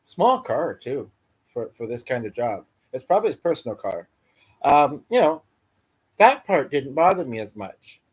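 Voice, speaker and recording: A man's voice: mid-range voice, a little mellow. Male stream host, casual meandering chat, filler-heavy. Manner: meandering, full of fillers and restarts. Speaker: livestream host. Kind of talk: rambling casual livestream chat.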